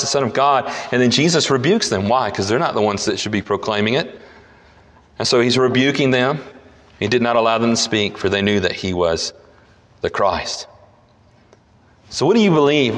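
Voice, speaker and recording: A man's voice: medium pitch, big-room sound. A man preaching a sermon, emphatic and repeating key phrases, his voice rising and falling as he reads and explains scripture. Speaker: pastor.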